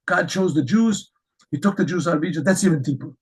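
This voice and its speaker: A middle-aged man teaching a Torah lesson as a rabbi, telling stories with lively restarts and repeated words. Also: fairly high pitch, quick pace, breathy edge, rough recording. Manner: animated storytelling with frequent restarts.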